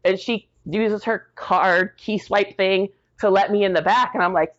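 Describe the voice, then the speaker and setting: A woman's voice: medium pitch, normal speed, few pauses, lo-fi sound. A middle-aged woman guest telling a personal story with strong feeling. She talks casually, full of fillers, and acts out the quoted dialogue. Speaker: podcast guest.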